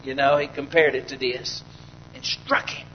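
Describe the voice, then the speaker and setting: A man's voice: mid-range voice, lively intonation, moderate pace, dull audio, slight background noise. A male pastor preaching a sermon, asking the congregation questions and building to fervent, raised passages. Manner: preaching with rising fervor, rhetorical questions to the congregation.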